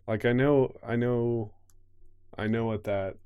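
A man co-hosting a podcast, speaking in a halting, supportive way, with many restarts. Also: mid-range voice, steady tone, clean tone, no room sound, narrow, tinny audio. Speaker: podcast co-host. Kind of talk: casual podcast chat.

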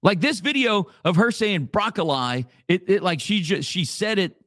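Lively rambling man radio host. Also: high-pitched, normal speed, no room sound, clean studio sound. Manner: rambling, jokey, repeats himself. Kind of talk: casual radio chat.

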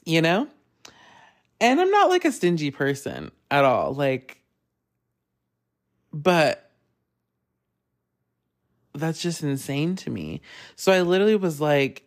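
A podcast host tells a story in an easy, casual solo chat. The delivery is animated and full of laughter, with plenty of swearing, at a middle pitch. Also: measured pace, long pauses.

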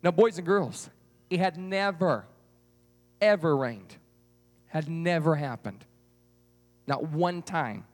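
A man's voice: on the high side, takes it slowly, pauses often, big-room sound. A man telling a Bible story to children in a chatty, playful way. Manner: chatty, playful, voicing characters.

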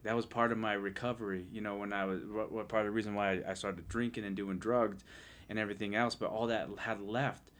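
A man's voice: on the low side, level tone, a little fast, fairly bright tone. A man sharing an earnest personal testimony in casual podcast chat, often restarting his sentences. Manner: earnest, heartfelt storytelling with frequent restarts.

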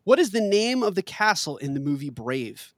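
A man's voice: sits high, big pitch swings, normal speed, no echo. Playful man hosting a quiz game. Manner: playful, laughs often, reads questions aloud. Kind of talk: casual game show hosting.

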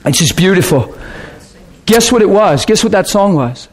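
A man preaching, telling a lively testimony story with laughter and a short sung passage. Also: high-pitched, normal speed. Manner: animated storytelling, bursts of laughter, sings a hymn line. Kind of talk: testimony sermon.

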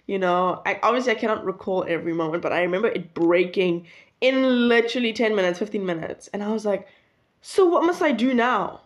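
A woman's voice: medium pitch, fast talker. A young woman casually telling a childhood story, rambling and correcting herself as she goes. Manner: chatty, rambling, self-correcting, laughs at herself.

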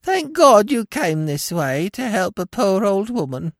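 A man's voice: sits high, sing-song, unhurried, no echo, studio quality, voice pushed up, exaggerated voice. A man voicing a whining old woman beggar with a sing-song, pleading voice in a narrated story. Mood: whining plea.

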